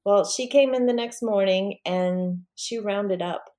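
A woman talking as a guest on a podcast, telling a personal story with real energy. She shifts into the voices of the people she quotes as she goes. Her pitch sits in a middle range for a woman. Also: a little slow. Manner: animated, acts out quoted voices.

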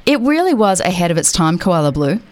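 A woman's voice: lowish voice, big pitch swings, fairly quick, slight background noise. A woman in her forties hosting a radio interview, friendly and conversational. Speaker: radio host.

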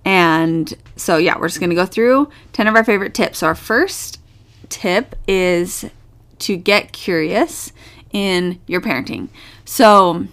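A mother co-hosting a parenting podcast, chatting casually and laughing as she gushes about her kids. Her voice has a noticeable gravelly fry. She sounds relaxed and conversational. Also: fairly low pitch, slow pace. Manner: warm, gushing, laughs often. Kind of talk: casual chat.

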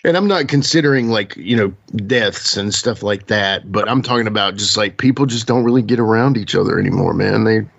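A man's voice: on the low side, brisk, vocal fry, hardly any pauses, lo-fi sound. A man co-hosting a podcast in casual chat, rambling loosely and laughing often. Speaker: podcast co-host.

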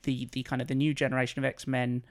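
A man co-hosting a podcast, explaining his film pitch in a rambling, hesitant way full of fillers. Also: flat delivery, quick pace. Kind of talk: casual chat.

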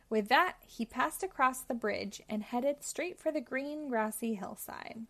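Woman, children's book reader, expressive, slightly high, gravelly. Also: measured pace, hardly any pauses. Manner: expressive storytelling. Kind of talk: reading a picture book aloud.

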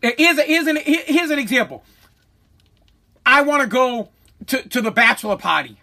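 A man tears into his subject in a fired-up, profanity-laced rant, circling back to the same points again and again. His voice has a forceful, tense edge. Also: very high-pitched, lively intonation, moderate pace, gravelly. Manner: heated, profane, repetitive. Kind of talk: angry rant.

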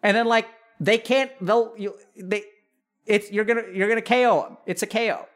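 A man hosting a podcast, giving casual advice in an animated way, peppered with "like" and "right?" and acting out what imagined relatives would say. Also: high-pitched, moderate pace. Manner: animated, acts out imagined family members mid-sentence; frequent fillers "like" and "right?".

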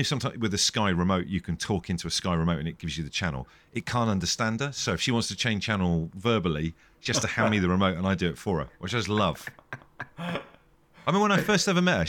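A man's voice: sits low, lively intonation, fast, a bit bright, no echo. A man hosting a podcast in rambling, jokey casual chat. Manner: rambling, jokey, self-deprecating. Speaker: podcast host.

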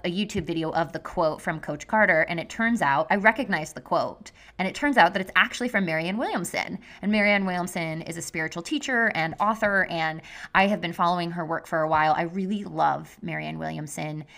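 A woman's voice: lowish voice, brisk, a bit bright. A woman hosting her own podcast as a health coach, talking in a chatty, effusive way full of "like" fillers. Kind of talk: casual solo podcast talk.

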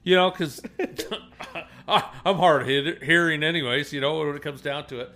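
A man's voice: on the high side, measured pace. A man with a Permian Basin drawl hosting a podcast, telling crude stories with lots of laughter. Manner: crude, laughing, animated storyteller. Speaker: podcast host. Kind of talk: casual podcast chat.

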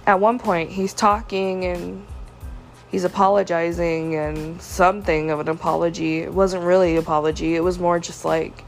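A woman's voice: fairly low pitch, level tone, moderate pace, vocal fry. Young woman, podcast host, confiding monologue, hurt and frustrated, faint music behind. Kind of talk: personal venting monologue.

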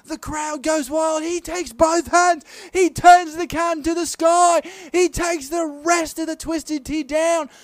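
A man's voice: very high voice, fairly even intonation, slow, few pauses, no echo, clean studio sound. Drunk young man doing goofy sports commentary. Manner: loud, laughing, swings into playful announcer bits. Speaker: podcast co-host. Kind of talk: drunk comedic chat and mock sports commentary.

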